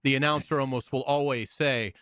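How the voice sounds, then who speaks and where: A man's voice: mid-range voice, fairly even intonation, fairly quick, a bit bright, clear, resonant tone, no echo, studio quality. A man co-hosting sports talk radio who agrees with the host and adds his own point about football strategy.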